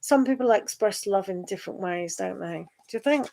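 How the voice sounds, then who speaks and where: A woman's voice: medium pitch, brisk, gravelly, warm tone. A woman chatting on a live tarot stream, reading viewer questions aloud. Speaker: tarot reader.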